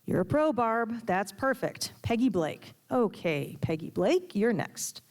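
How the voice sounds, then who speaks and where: A woman's voice: a little high, big pitch swings, a little slow, darkish tone, pitched above the performer's own voice. A woman reading aloud, voicing a bossy, mocking female nightclub owner who is a gangster's wife.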